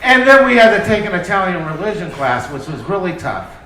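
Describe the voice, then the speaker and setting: A high-pitched man works through a stand-up comedy set, loose, profane and quick to mock himself. His voice rings in an echoey club, with a crowd laughing loudly behind him. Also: sing-song. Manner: self-deprecating, loose, profane. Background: audience laughter.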